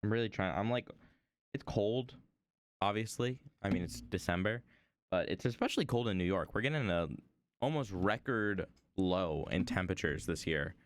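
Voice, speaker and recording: Rambling man with lively pitch. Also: normal speed, no room sound. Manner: rambling, playful, talks to chat. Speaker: streamer. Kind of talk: casual chat while woodcarving.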